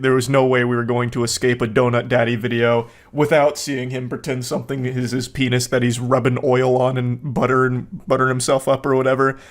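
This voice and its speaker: A man giving comedic reaction commentary, sarcastic and incredulous, breaking into laughter often. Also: mid-range voice.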